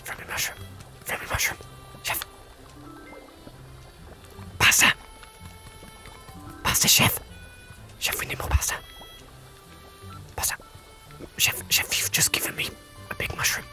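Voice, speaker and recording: A man in a whispered role-play as a kitchen helper, hushed and pleading, repeating short calls. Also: a little slow, long pauses. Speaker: co-host playing a kitchen game. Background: game music.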